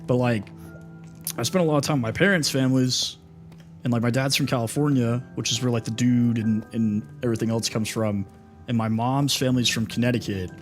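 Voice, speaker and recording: A man's voice: mid-range voice, a little fast, soft background music. A young man from Texas streaming a game, chatting casually and answering his chat, calling people dude and brother. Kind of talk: casual livestream chat while gaming.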